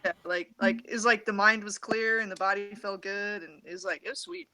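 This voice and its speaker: A man's voice: sits high, brisk, bright, forceful tone, no room sound, rough recording. A man telling a rambling story in casual chat over a video call, audio glitching robotically at times. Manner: rambling storyteller, many restarts and "like". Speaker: friend in a group video call. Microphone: computer mic on a video call.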